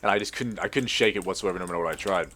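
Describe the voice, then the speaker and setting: A young Australian man with a mostly American-sounding accent, chatting casually and sweary over gameplay, now and then shouting excitedly at the game. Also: sits low, rapid-fire, a little hiss or hum. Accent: American-sounding with bits of Australian. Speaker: gaming video host.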